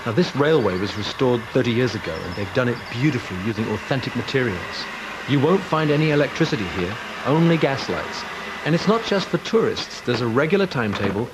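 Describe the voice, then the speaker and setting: A man's voice: mid-range voice, expressive, fairly quick, background noise. A man presenting a travel show, chatty and enthusiastic as he narrates and talks with people.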